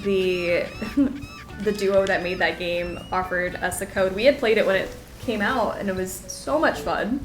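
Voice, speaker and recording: A woman's voice: medium pitch, unhurried, reverberant, over music, low-quality recording. A woman streaming a puzzle game, chatting casually and thinking aloud as she solves it. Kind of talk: casual gameplay commentary.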